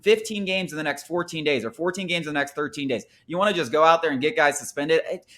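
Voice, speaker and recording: A man's voice: on the high side, fast, bright, forceful tone. A man hosting a sports talk show, ranting in an emphatic, exasperated way.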